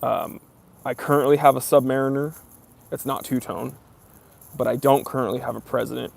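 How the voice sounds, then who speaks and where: Gravelly-voiced man hosting a live Q&A. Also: medium pitch, fairly even intonation, moderate pace. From near New York. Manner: reads viewer comments aloud, chatty with many fillers. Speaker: live stream host. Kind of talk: casual live Q&A.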